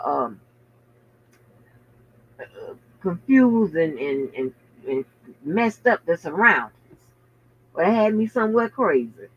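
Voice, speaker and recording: A woman host giving casual, profane commentary with animated, drawling asides. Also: fairly low pitch, a little hiss or hum. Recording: dull lo-fi sound.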